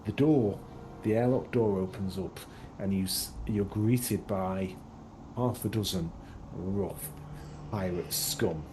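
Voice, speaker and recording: Game master, male, low voice, rambling narration, noisy background. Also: takes it slowly. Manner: loose, rambling, heavy on fillers.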